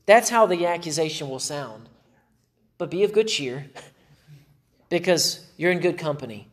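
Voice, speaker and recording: A man's voice: high voice, moderate pace. A male pastor preaching a sermon in an emphatic way, with dry sarcastic humor.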